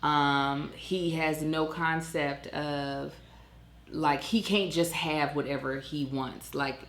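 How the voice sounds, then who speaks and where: A woman in her thirties co-hosting a podcast, telling family stories in an animated way, laughing often and acting out voices. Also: sits low, slow pace. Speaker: podcast co-host. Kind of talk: casual chat. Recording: echoey room.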